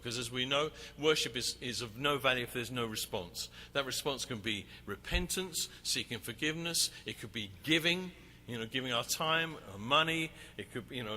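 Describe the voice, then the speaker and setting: A man teaching about worship at a conference, animated as he tells a story. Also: medium pitch, slight background noise. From England. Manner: animated, acts out shouting crowd. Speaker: worship leader. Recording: reverberant hall, faint ambience.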